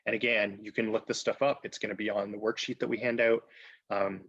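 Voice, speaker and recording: A man's voice: on the low side, flat delivery, a little fast, fairly bright tone, slightly rough, no room sound. A man presenting a training webinar, earnest and direct, often checking in with "okay?". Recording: dull lo-fi webinar audio.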